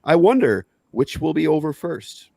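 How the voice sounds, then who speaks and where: A man's voice: fairly high pitch, very animated, normal speed, gravelly, dark tone, husky, no room sound. A man hosting a casual podcast chat, jokey and riffing. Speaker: podcast host.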